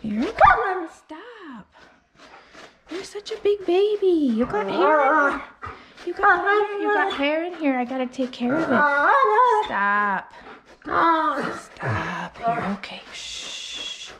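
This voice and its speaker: A woman grooming a dog, talking casually and coaxing it softly as she works. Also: very high-pitched, sing-song, takes it slowly, long pauses, heavy background noise. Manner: soothing and coaxing, talks to the dog. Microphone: phone.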